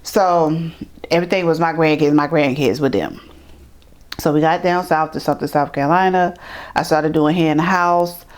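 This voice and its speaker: A middle-aged woman from New York telling her life story in an interview, animated and acting out the people she quotes. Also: low voice, moderate pace. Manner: animated, acts out quoted voices, repeats words. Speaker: interview guest. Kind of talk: storytelling in conversation.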